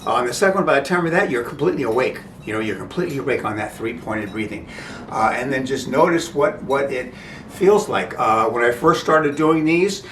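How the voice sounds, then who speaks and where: Male breathwork teacher, mid-pitched, halting delivery, recorded far off in a roomy space with faint rumble. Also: animated, a bit bright. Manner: halting, many restarts and "okay?" checks. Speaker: breathing instructor. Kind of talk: informal spoken instruction.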